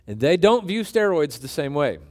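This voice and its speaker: A man preaching a sermon as a pastor, telling a story with animated, joking, emphatic delivery. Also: on the high side, moderate pace.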